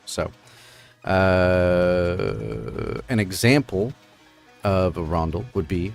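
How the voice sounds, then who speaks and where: A man hosts a live stream, rambling casually through an explanation of poetry forms with plenty of fillers and "right?" tossed in. His voice is low and gravelly, and he talks very slowly with long pauses. Faint music plays behind him.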